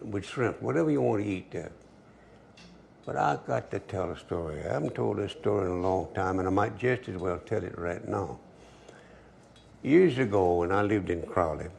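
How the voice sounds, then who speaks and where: An older man with a low, darkish voice and some vocal fry cooks at the stove in his home kitchen, telling a story in a folksy, chatty way and talking to himself as he works. There's a slight hiss or hum on the recording.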